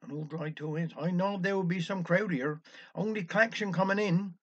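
A man's voice: sits high, fairly quick, fairly bright tone, breathy edge. A man with a Cornish accent voicing a chatty, grumbling old village woman in a concert audience. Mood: gossipy. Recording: dull lo-fi recording.

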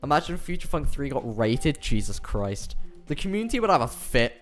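A man's voice: medium pitch, very animated, moderate pace, faint music behind. A British man streaming a game live, chatting casually, laughing often and reading chat messages aloud.

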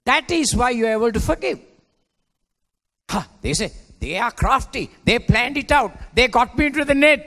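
Impassioned pastor preaching in a big hall. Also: male voice, very high voice, sing-song, normal speed. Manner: dramatic preaching, swinging between hushed and shouted lines. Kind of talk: sermon. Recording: long hall reverb.

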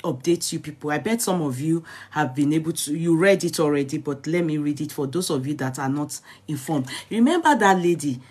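Woman, Nigerian accent, somewhat low voice, livestream host, chatty, laughs often. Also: animated, fairly quick, hardly any pauses, darkish tone, husky. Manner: chatty, greets viewers by name, laughs often. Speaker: vlog host. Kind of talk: live-stream chat and news commentary.

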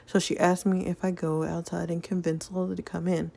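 A woman's voice: on the low side, little pitch movement, fairly quick, gravelly, a little mellow. A woman voicing an earnest young man in a story game, speaking frankly and confronting an adult.

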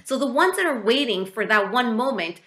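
A woman's voice: on the high side, expressive, normal speed, a bit bright. A woman hosting an interview in a casual, encouraging way, with plenty of short replies of agreement. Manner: encouraging, answers with short affirmations. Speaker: podcast host. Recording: echoey room.

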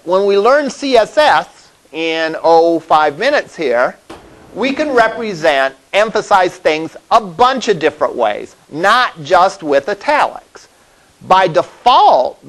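A man's voice: high voice, very animated, unhurried, fairly bright tone, poor audio. A male college instructor giving a classroom lecture, explaining step by step and often checking in with "all right?". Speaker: college web development instructor.

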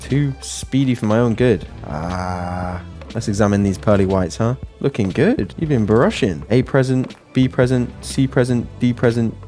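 A British man talks his viewers through his gameplay in a loose, joking way. His voice sits at an ordinary middle pitch, and soft music plays underneath. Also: normal speed. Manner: playful, chatty, jokes to viewers. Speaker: gameplay commentator. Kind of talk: casual gameplay commentary.

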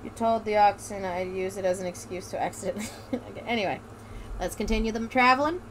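A woman's voice: medium pitch, quick pace, fairly bright tone, a little hiss or hum. A woman hosting a let's play, joking, swearing freely and laughing often as she comments on a game. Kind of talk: casual gaming commentary.

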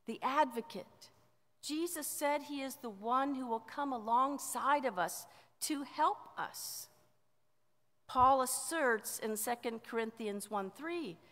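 Slow, gentle-voiced woman pastor preaching. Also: on the high side. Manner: slow, measured preaching with soft dropped endings. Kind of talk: sermon. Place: church sanctuary. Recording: church sanctuary with long reverb.

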